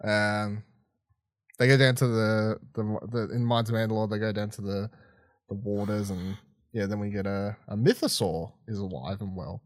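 A man's voice: fairly low pitch, steady tone, moderate pace, dry recording, studio quality. A man co-hosting a podcast, reviewing an episode in casual chat, exasperated, swearing and laughing often. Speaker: podcast co-host.

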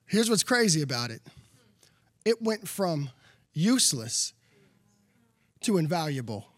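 A man's voice: a little high, big pitch swings, unhurried, dry recording. A man preaching a sermon, telling a personal story with laughs and building to emphatic calls.

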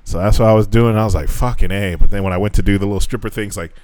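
A man co-hosting a casual podcast chat, rambling and swearing a lot, his voice jumping up when he gets worked up. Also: racing. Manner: heavy swearing, rambling with restarts; animated, voice jumps high when telling stories. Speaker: podcast co-host. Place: living in Japan.

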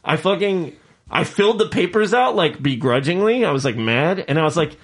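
A man's voice: fairly high pitch, expressive, normal speed, husky. A man co-hosting a podcast, telling swear-filled stories in casual chat and acting out the people he quotes. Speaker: podcast co-host.

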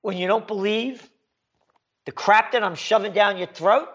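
A man's voice: high-pitched, moderate pace, fairly bright tone, husky, lo-fi sound. A male commentary host ranting sarcastically and mockingly at the news he reads out.

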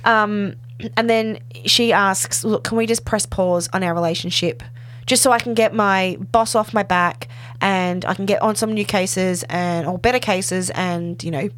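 In a casual podcast chat, a woman with a mid-range voice takes her time recapping a TV episode, bringing it to life by acting out the characters' quoted lines.

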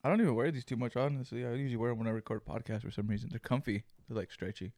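A man's voice: medium pitch, rapid-fire, a little mellow, no room sound. A young man co-hosting a podcast, telling casual stories full of swearing and acted-out quotes. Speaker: podcast co-host. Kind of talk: casual chat.

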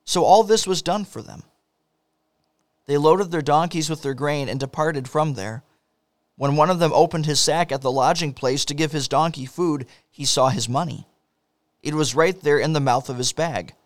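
Guy reading the bible aloud, steady pace, slightly high voice, dry close studio sound. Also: normal speed, dry recording. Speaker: scripture reader. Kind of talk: scripture reading.

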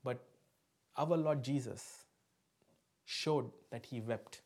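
A male pastor preaching a sermon to a live congregation, emphatic, often asking them to answer back and swinging between loud stresses and soft asides. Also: mid-range voice, takes it slowly.

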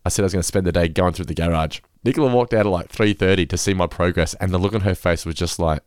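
Deep-voiced man chatting casually. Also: fast talker, darkish tone, clean tone, dry recording, clean studio sound. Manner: laid-back, swears freely, laughs often. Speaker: podcast co-host. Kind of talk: casual podcast chat.

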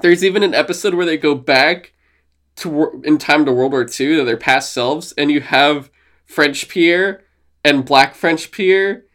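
A young man co-hosting a podcast in casual chat, excited and swearing often, laughing and putting on silly voices. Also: a little high, unhurried. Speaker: podcast co-host.

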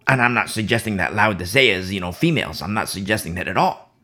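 A man's voice: on the low side, animated, fast talker, sharp tone. A man preaching a Bible sermon, emphatic and repeating key phrases for emphasis.

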